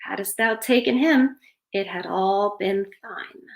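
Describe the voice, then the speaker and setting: A woman's voice: medium pitch, takes it slowly. Woman reading a curt storybook beggar musician, blunt and plain, echoey room.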